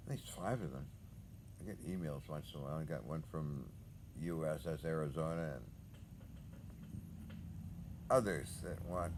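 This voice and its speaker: A man's voice: a bass voice, normal speed, pauses often. An older man talking to camera in a rambling, blunt, sometimes profane monologue. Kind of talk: rambling casual vlog monologue. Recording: noisy background hiss.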